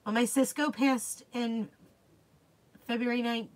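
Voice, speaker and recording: A woman's voice: fairly high pitch, steady tone, unhurried. A young woman hosting a casual craft livestream, gushing and chatting with viewers by name. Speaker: craft live-stream host.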